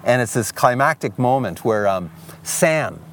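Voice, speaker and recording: A man's voice: mid-range voice, lively intonation, unhurried, a bit bright. A middle-aged man preaching a conversational sermon, reading scripture aloud and then speaking personally to the congregation. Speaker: pastor.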